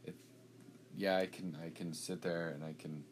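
Deep-voiced man in casual faith talk. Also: moderate pace, slight background noise. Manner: relaxed, repeats words as he talks. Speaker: podcast co-host.

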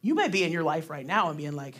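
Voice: medium pitch, very animated, quick pace, a bit bright. A preacher giving a casual, conversational sermon, talking chattily with many fillers and restarts. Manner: chatty, laughs often, acts out quotes.

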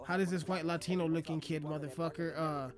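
A man's voice: a little high, fairly even intonation, brisk. A man, a rapper, delivering an aggressive, mocking, profanity-heavy ranting monologue. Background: music playing.

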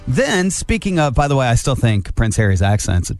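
A man's voice: medium pitch, big pitch swings, normal speed, music in the background. A man hosting a morning radio show, chatting jokily about showbiz news. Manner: playful, jokey, does silly quoted voices. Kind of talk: casual showbiz news chat.

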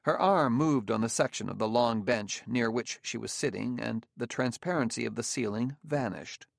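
A man reading an audiobook in steady, even narration. His voice is gravelly and recorded dry and close to the mic, with no room sound. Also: medium pitch, moderate pace, no echo. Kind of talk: scripted narration.

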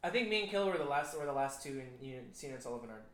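A young man in casual chat, slangy and excitable, jumping in over his friends. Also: medium pitch, racing, reverberant.

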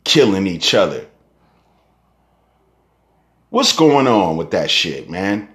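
A young Bay rapper rants in a heated, profane monologue. His pitch swings widely as he fires off rhetorical questions, and he keeps a slow, deliberate pace. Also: sing-song, fairly bright tone. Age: young adult.

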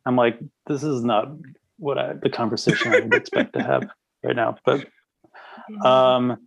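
A man's voice: medium pitch, moderate pace, vocal fry, highs cut off. Man telling a laughing anecdote. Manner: animated, laughing through anecdotes. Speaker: podcast guest, former band member. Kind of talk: casual storytelling chat.

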